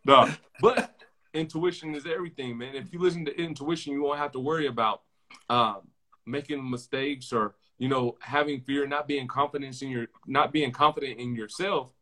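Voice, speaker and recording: A young man hosting a casual podcast, talking in slang and telling animated stories with lots of repeated phrases. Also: mid-range voice, normal speed. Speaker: podcast host.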